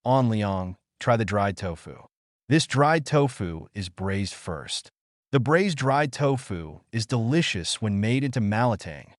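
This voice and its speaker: A man's voice: lowish voice, expressive, a little slow, no echo, studio quality. A man voicing a cheerful young woman student who is a little bossy with her boyfriend. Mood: chatty.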